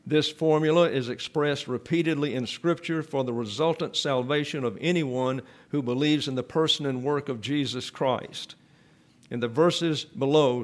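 Slow, deliberate male Bible teacher. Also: medium pitch. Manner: slow, deliberate, repeats key phrases for emphasis. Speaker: preacher. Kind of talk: expository Bible teaching sermon.

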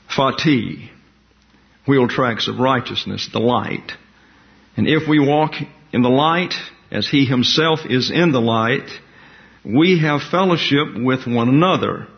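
A male pastor delivers a measured teaching sermon, pausing to spell out Greek words and drifting into brief asides. His voice sits at an ordinary middle pitch for a man. The recording is dull and a bit lo-fi. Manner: deliberate, explains Greek terms, with asides. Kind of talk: expository Bible teaching sermon.

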